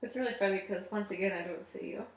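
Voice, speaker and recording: A woman's voice: mid-range voice, fast, reverberant. Woman podcaster getting over a cold. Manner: relaxed, lying on a couch. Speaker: podcast co-host. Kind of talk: casual chat. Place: living room.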